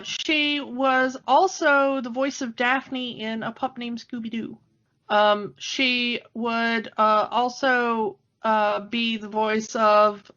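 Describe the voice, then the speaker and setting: A woman co-hosts a podcast in loose, chatty conversation, laughing often between thoughts. Her voice sits a bit high. The audio is somewhat dull and lo-fi. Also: pushed and bright. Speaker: podcast co-host. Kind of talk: casual chat. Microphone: home microphone, remote call.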